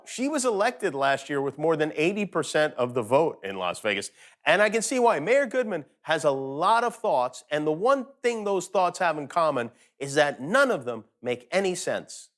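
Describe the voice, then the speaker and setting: A man with a slightly raised pitch reads a comedic monologue as a late-night host. His delivery is sarcastic and timed for punchlines. He records it from his home. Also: very animated, moderate pace.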